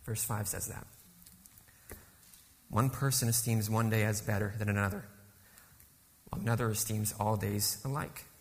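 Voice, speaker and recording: A man's voice: fairly low pitch, steady tone, normal speed, long pauses, long reverb tail. A man preaching a sermon as guest speaker, asking the congregation rhetorical questions and then answering them. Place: church sanctuary.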